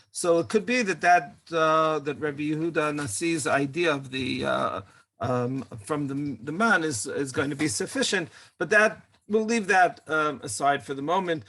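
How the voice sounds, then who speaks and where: A male rabbi leading a Torah study class with a fairly high, bright, forceful voice. He thinks aloud as he goes, often stopping and restarting his sentences. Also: measured pace. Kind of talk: text-study lecture.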